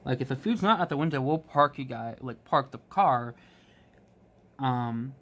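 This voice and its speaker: A man chatting casually about his work as a restaurant manager, rambling with many ums and restarts and getting animated when he quotes people. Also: mid-range voice, a little slow. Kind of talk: casual storytelling while crafting.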